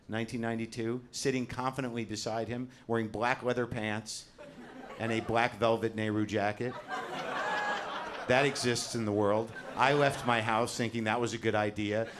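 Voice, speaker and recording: A middle-aged man doing a stand-up set on a comedy club stage, ranting and mocking himself with lots of swearing and shouted punchlines. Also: mid-range voice. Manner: ranting, self-deprecating, profane, rising to shouts on punchlines. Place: comedy club stage before a live audience. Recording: live show with loud crowd laughter. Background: audience laughter.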